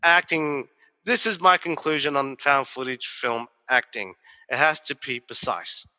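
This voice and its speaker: A man, co-hosting a podcast and telling stories in a lively, swearing, casual way. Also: mid-range voice, normal speed. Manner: animated, profane storytelling. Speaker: podcast co-host. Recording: dull, reverberant recording.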